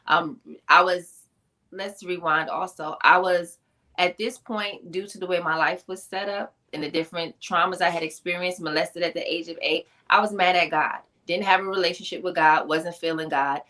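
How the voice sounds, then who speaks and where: A woman guest on a podcast, an author and speaker, telling her life story in an emphatic, animated, conversational way with slang asides. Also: fairly low pitch, normal speed. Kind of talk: personal storytelling in a podcast interview.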